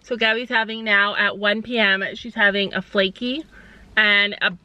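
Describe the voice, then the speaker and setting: A woman's voice: medium pitch, steady tone, normal speed, bright, forceful tone, highs cut off, a little hiss or hum. A woman chatting casually to her camera outdoors at a horse barn, soothing a frightened horse. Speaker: vlogger and mother. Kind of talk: casual vlog narration.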